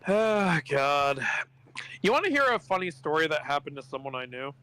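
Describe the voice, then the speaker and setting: A man's voice: on the high side, lively intonation, normal speed, pushed and bright, smooth, rough recording. A man chatting casually on a game stream, telling a rambling anecdote full of acted-out quotes, swearing and laughter. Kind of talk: casual chat while gaming on stream.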